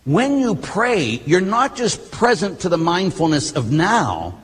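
A middle-aged man, a Catholic priest, preaching a sermon with animated storytelling and casual asides. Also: high-pitched, slow pace, breathy edge. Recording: long hall reverb.

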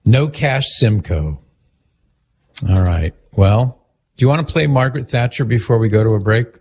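A man's voice: mid-range voice, lively intonation, normal speed, darkish tone, breathy edge. A male radio talk show host, bantering and teasing his co-host in a jokey way.

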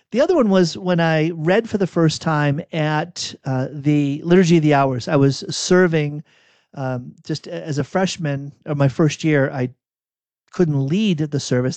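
A preacher telling chatty, self-deprecating anecdotes in a sermon. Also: male voice, a little high, darkish tone, dry recording. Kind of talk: storytelling sermon. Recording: dull, dry lo-fi recording.

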